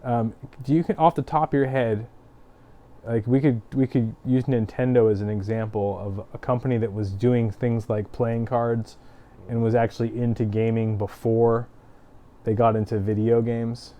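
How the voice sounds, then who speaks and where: Midwestern guy chatting games at a comic shop, mellow voice, easygoing explainer. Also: medium pitch, fairly even intonation, normal speed. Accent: Midwestern American. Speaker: co-host. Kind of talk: casual chat about games and comics.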